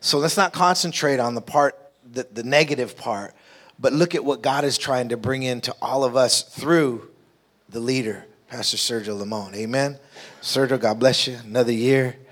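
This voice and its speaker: A man's voice: medium pitch, normal speed, fairly bright tone. A man preaching a sermon in a church, exhorting the congregation, calling out for amens and reading scripture aloud. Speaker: guest preacher, pastor's brother. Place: church sanctuary.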